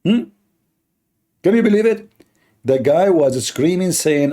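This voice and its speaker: A man hosting a heated live-stream debate, mocking and combative, speaking as a with halting restarts. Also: fairly high pitch, animated, mellow. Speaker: livestream debate host.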